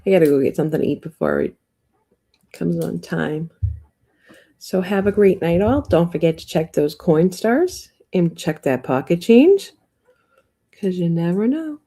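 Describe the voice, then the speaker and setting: A woman with a low, gravelly voice hosts a casual livestream chat. Her tone is mellow and dark, and she laughs easily between remarks. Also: lively intonation, measured pace. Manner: chatty, laughs often. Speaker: livestream host.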